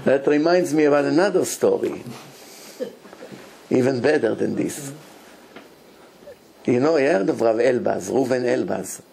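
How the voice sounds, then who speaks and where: Animated rabbi telling stories. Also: male voice, medium pitch, a little slow, vocal fry, pauses often. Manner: animated storyteller, acts out dialogue, laughs often. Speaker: rabbi teaching a Torah class. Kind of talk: storytelling Torah lesson.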